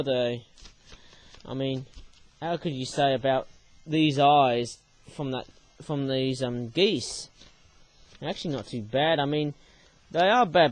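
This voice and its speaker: A young man hosting his own channel, casually reviewing paper toys he made, rambling and tacking small tag words onto his sentences. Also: medium pitch.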